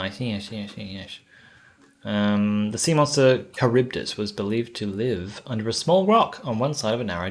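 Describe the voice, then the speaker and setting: A man streaming live, chatting casually and reading lore aloud, rambling, swearing offhandedly and sounding out tricky words. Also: fairly low pitch. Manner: laid-back and swears casually.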